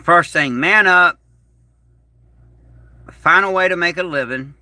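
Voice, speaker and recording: A man hosting a casual livestream in a slow, rambling, folksy way, reading out viewer messages. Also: sits high, pushed and bright, dry recording. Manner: slow, rambling, folksy, reads chat aloud. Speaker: YouTube channel host.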